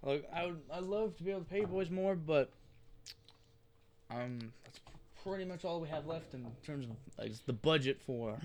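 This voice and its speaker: A man's voice: a little high, moderate pace, darkish tone, a little hiss or hum. A man acting as game master in a casual tabletop role-play session, speaking playfully with frequent laughs. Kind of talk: narrating and voicing a tabletop game.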